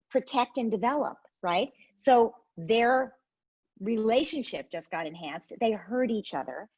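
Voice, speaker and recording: A woman's voice: a little high, slightly rough, no echo, highs cut off. A woman, a parenting expert guest, explains her method in an interview and acts out what parents and children say.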